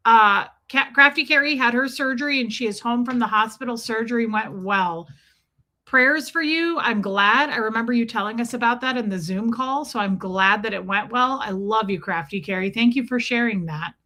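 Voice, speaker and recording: A woman's voice: a little high, normal speed, sharp tone. A woman hosting a casual livestream, chatting and greeting viewers by name in an affectionate way. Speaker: livestream host.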